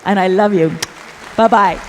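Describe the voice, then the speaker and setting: A woman's voice: mid-range voice, normal speed, a loud crowd, heavy background noise. Older woman telling a stage anecdote. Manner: animated storytelling, acting out gestures, often asks "see?". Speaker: stage performer. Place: large auditorium stage. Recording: echoey auditorium with long reverb.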